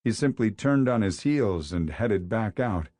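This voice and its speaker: Dry, steady male audiobook narrator. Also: lowish voice, a little slow, dry recording. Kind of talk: scripted narration.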